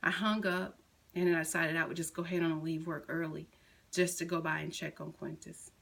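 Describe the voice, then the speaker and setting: Middle-aged mom telling what happened, slow and careful, husky low voice. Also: female voice, flat delivery, rough recording. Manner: slow, measured storytelling, quoting her son softly. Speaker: grieving mother. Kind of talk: personal testimony.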